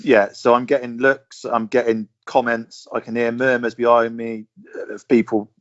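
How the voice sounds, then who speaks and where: A man telling a casual story on a podcast call in a measured way, carefully setting the scene. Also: mid-range voice, little pitch movement, highs cut off. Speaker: podcast guest.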